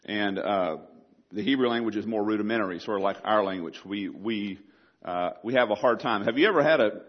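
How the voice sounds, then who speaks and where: Male pastor, sermon delivery, emphatic on quotes, slightly muffled recording. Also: on the low side. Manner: preaching with rising emphasis on scripture quotes.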